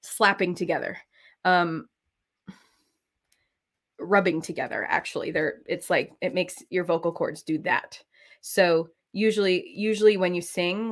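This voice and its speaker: A woman's voice: mid-range voice, fairly bright tone. Chatty woman stitching and rambling. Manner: chatty, rambling onto side topics. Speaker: cross-stitch designer and streamer. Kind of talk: casual chat while stitching.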